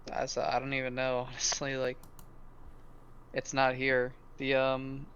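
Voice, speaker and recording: A man's voice: mid-range voice, monotone, measured pace, a bit bright, highs cut off. A man playing a tabletop game in laid-back, slangy casual chat. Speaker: player. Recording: faint background noise.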